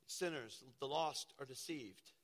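Bright-voiced pastor preaching in a reverberant hall. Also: male voice, medium pitch, measured pace. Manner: dramatic storytelling, shifting from loud to hushed. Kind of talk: sermon.

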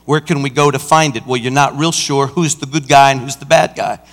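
A senior pastor preaching a sermon, acting out a roadside anecdote with lively emphasis. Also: male voice, mid-range voice, a little fast. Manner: animated preaching, acts out an anecdote. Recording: church hall with long reverb.

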